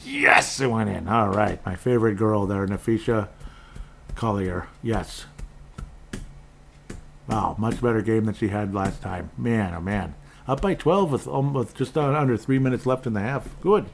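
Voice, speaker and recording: A man's voice: fairly low pitch, measured pace, creaky, a little mellow, a little hiss or hum. A man from Minnesota hosting a sports podcast, rambling casually with sarcastic asides and frequent restarts.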